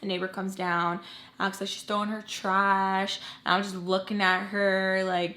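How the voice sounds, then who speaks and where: A woman telling a personal storytime, candid and blunt, swearing freely and dropping low and quiet at emotional moments. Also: flat delivery, normal speed, a little hiss or hum. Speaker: storytime vlogger. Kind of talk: casual storytelling.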